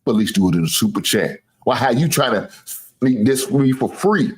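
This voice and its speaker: Slightly rough, mid-range and fairly quick, this man sounds animated as he hosts a sports show. He trash-talks in a loose rant aimed at viewers, bragging, needling, cursing freely and chuckling at his own humor.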